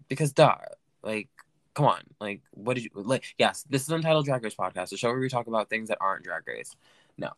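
A man hosting his own podcast, talking in a camp and playful way that rambles through fillers and asides. His voice sits at an ordinary middle pitch. The sound is dry and close, with no room around it. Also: expressive, brisk, a bit bright, dry recording. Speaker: podcast host. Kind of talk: casual solo recap podcast.

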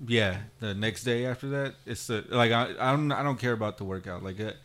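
A man's voice: mid-range voice, a little fast, fairly bright tone. A man co-hosting a casual podcast, rambling and repeating himself. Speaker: podcast co-host and editor. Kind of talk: casual chat.

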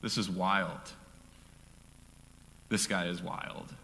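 Low, bright-voiced man preaching in a reverberant hall. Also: steady tone, drawn-out words, gravelly. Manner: casual storytelling full of fillers and restarts. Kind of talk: conversational sermon.

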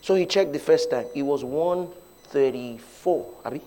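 A man's voice: a little high, normal speed, dark tone. A man preaching a sermon as pastor, leading the congregation in call-and-response declarations.

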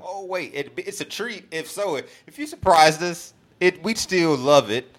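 A man's voice: on the high side, expressive, normal speed, a bit bright. A man co-hosting a podcast in casual chat, with laid-back, slangy banter. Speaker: podcast co-host.

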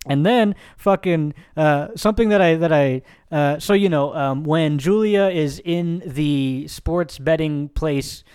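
Man, podcast co-host, loose chatty delivery, fillers and cursing, slightly higher voice. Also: measured pace, few pauses, darkish tone, smooth. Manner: rambling, profane, many fillers. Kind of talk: casual film discussion.

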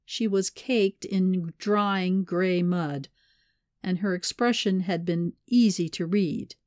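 Brief: woman narrator, lower voice, measured read, very dry booth sound. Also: a little mellow, dry recording. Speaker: audiobook narrator. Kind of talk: scripted narration.

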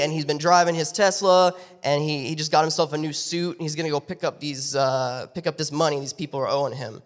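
A male youth pastor preaching, retelling a Bible story in an animated way with character voices. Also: on the high side. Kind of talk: sermon storytelling. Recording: long reverb of a church hall.

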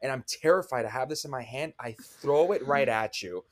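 A young man telling an animated, rambling story to his younger brother in casual chat. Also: mid-range voice, brisk, slight background noise. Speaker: podcast co-host, older brother.

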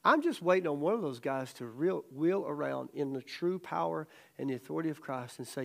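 A middle-aged man leads a Bible study in a casual sermon style. His voice sits a touch high with a gravelly edge, and he tells stories with lively, loud acted-out quotes. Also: a little fast, hardly any pauses. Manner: animated storytelling, acts out quotes loudly.

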